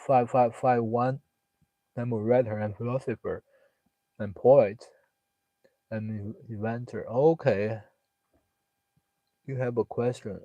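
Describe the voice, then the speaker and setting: A man talking in a slow, teasing casual way. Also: medium pitch, dark tone, no echo, dull audio. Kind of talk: casual chat.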